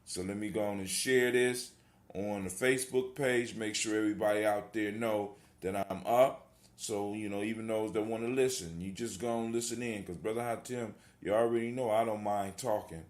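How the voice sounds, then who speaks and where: A man's voice: lowish voice, fairly even intonation, moderate pace, roomy sound. A man hosting a call-in talk show, talking in a casual, rambling and motivational way, repeating his phrases. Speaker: host.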